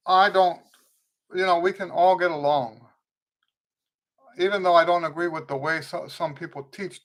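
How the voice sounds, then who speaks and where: A man hosting a live trumpet Q&A, answering viewers' questions in a relaxed, conversational way, often restarting and checking in with "okay?". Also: a little high, creaky. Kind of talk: casual livestream teaching, answering viewer questions.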